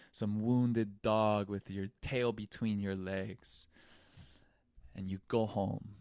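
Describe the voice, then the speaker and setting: A man hosting a spiritual podcast, telling a story in a slow, dramatic way, with repeated phrases and swings between whispers and panicked outbursts. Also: fairly low pitch, no echo, studio quality. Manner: repetitive, hypnotic phrasing. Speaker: podcast host.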